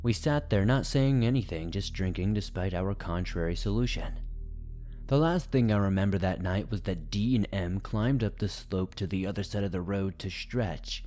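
A man with a low, dark and mellow voice reads a first-person horror story aloud. His telling is tense and dramatic, building dread line by line, with faint music under him. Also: moderate pace.

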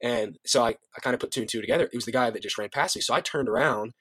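A man who works as a youth director at a ministry, telling a story in an interview, animated, acting out the voices of people he quotes, often restarting his sentences. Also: mid-range voice, racing, no room sound.

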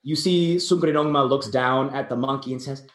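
A man at a middle pitch runs a tabletop game, describing the action in a rambling, self-correcting way. His voice carries a roomy echo. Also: normal speed. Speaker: game master.

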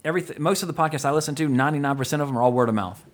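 Podcast dude rattling on quick, all over the place, excited about old movies. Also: male voice, on the high side. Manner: rambling, excitable, jumps between topics. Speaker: podcast co-host. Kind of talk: casual podcast chat.

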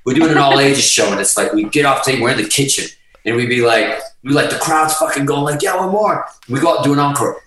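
A man guest telling a long profane story in casual chat, animated and rambling. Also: medium pitch, a little hiss or hum. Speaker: podcast guest, musician. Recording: roomy, distant mic.

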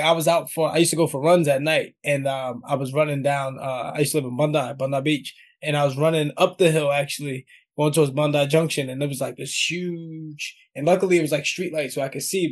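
A man from New York with a New York accent, a guest chatting casually in an interview, slangy and laughing often. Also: fairly high pitch. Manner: laid-back slangy talk, laughs often.

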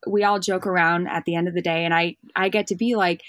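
A woman's voice: lowish voice, fast, hardly any pauses, no room sound. A young woman, a guest on a podcast, chatting casually and animatedly acting out the dialogue in her stories. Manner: lively storyteller acting out quoted dialogue. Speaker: podcast guest, bird dog handler and hunting guide. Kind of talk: casual chat.

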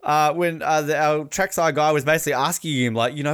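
A man's voice: a little high, fast, hardly any pauses, no echo. Brief: Australian male podcast co-host, casual and rambling, close dry sound. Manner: rambling, animated, laughing. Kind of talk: casual chat recapping sports.

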